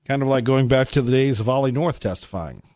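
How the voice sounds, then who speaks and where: A man's voice: mid-range voice, quick pace, a little mellow. Chatty male talk radio host. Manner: upbeat, chatty. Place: radio studio. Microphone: studio microphone.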